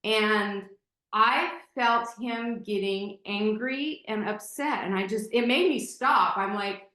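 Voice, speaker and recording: Slow-talking woman in an echoey room. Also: medium pitch, sharp tone. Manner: candid, emotional, many fillers and restarts. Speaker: podcast guest. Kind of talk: personal storytelling in conversation. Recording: roomy echo.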